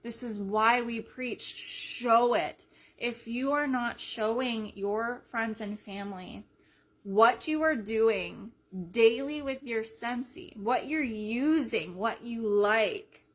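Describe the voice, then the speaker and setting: A woman leading a sales team in a casual live video, chatty and energetic, retelling conversations as she goes. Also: a little high, slow pace. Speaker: team leader.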